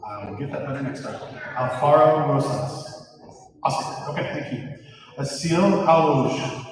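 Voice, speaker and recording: A man's voice: mid-range voice, expressive, normal speed, a crowd in the background. A man calling out students' names and giving upbeat instructions at a school graduation rehearsal in a large gym. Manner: upbeat, directive, stumbles over names and apologizes. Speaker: school staff member running graduation rehearsal. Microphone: far from the speaker. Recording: echoey gym from far off.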